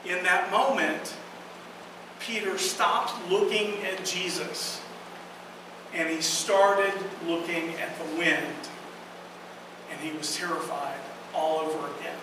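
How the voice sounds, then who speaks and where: A woman pastor preaching a sermon in a church, earnest and emphatic, with slow dramatic pauses. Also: lowish voice. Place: church sanctuary. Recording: echoey hall from far off, noisy.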